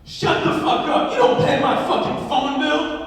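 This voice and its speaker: A man putting on a foul-mouthed angry passenger shouting back, in an echoey room from far off. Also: very high voice, fairly even intonation, quick pace, a little hiss or hum, voice pushed up. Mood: furious. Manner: loud, cursing, defiant.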